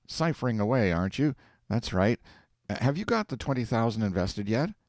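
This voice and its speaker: A man reading aloud, voicing an excitable husband who talks in an eager, folksy, impatient way. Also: medium pitch, a little fast, no echo, studio quality, voice pushed up, natural voice. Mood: excited.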